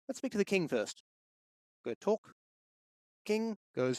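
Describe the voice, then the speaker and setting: A man teaching game development in a steady, explanatory walkthrough. His voice is slightly higher than average. The recording is dry and close, with no room sound. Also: slow pace, no room sound. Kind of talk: screen-recorded tutorial.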